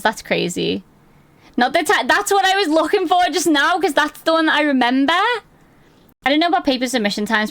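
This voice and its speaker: A slightly high, fairly bright voice with no echo belongs to a woman in her twenties streaming from home. She keeps things casual and chatty, reading chat aloud, swearing freely, poking fun at herself, and laughing readily.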